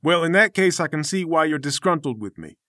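A man's voice: on the high side, animated, fairly quick, bright, forceful tone, dry recording, studio quality. A man voicing a pompous, heavyset male temple master who speaks in a haughty, formal way. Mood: indignant.

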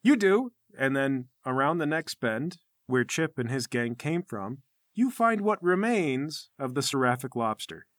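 Bright-voiced male game master. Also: mid-range voice, very animated, unhurried, no echo, studio quality. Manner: vivid, playful scene description. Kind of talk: narrating a tabletop game.

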